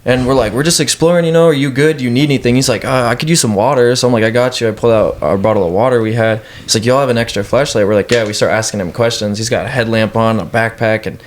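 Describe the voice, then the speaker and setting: A man casually telling a story as a guest, swearing and acting out what people said. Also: fairly low pitch. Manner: fast, animated, swearing, acts out quotes. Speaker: guest urban explorer.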